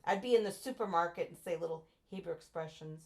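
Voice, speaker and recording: An older American woman with a notably low-pitched voice, sharing memories with her grown child. She wanders from story to story, breaking off mid-sentence and circling back as details come to her. Her tone stays conversational and unhurried. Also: gravelly, a little mellow. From United States. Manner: rambling, meandering recollection with restarts. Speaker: interviewee, mother. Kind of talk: reminiscing in a family oral-history interview.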